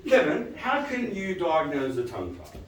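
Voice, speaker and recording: A man giving a live lecture to dentists, animated and quizzing the audience with frequent questions. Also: a little high, moderate pace, reverberant, distant mic, noisy background. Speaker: dental lecturer.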